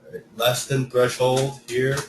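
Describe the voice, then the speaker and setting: A man's voice: medium pitch, monotone, unhurried. A man teaching students coding in a live online lesson, talking through each step and correcting himself as he goes. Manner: talks through code step by step, self-correcting. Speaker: coding instructor. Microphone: computer mic, sound reported as poor by students. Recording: echoey room, distant mic, faint hiss.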